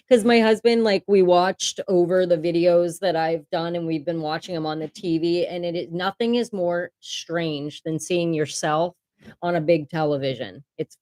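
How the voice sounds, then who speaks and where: A woman's voice: fairly low pitch, darkish tone, no room sound. A woman hosting a casual livestream from a room at home, chatting candidly, swearing casually and laughing often. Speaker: livestream host. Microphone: desk microphone.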